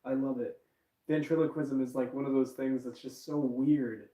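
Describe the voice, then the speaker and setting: A man's voice: mid-range voice, fairly even intonation, normal speed, warm tone. Rambling man streaming, echoey and distant. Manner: rambling, frequent fillers, self-mocking laughs. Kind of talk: casual chat to viewers. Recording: roomy echo, distant from mic.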